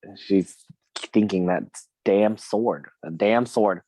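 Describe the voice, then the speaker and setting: A man's voice: on the low side, slow, dark tone, breathy edge, dry recording. A man in a past-life regression session, casually recounting what he sees. He laughs often and acts out the people he quotes. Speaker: regression client.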